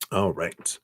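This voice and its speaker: A man's voice: dry recording, studio quality. A man doing live-stream card readings, talking in a rambling, reassuring way with lots of "you know". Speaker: card reader.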